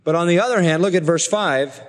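A man's voice: a little high, a little fast, in a large hall. A man preaching a sermon, earnestly explaining and paraphrasing scripture. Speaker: pastor.

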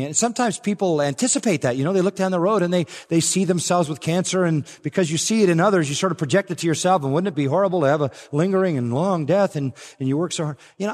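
Older male pastor, expository sermon, slightly high-pitched, hall reverb. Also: a little mellow. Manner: expository preaching, swells with emphasis. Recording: long reverb of a large hall.

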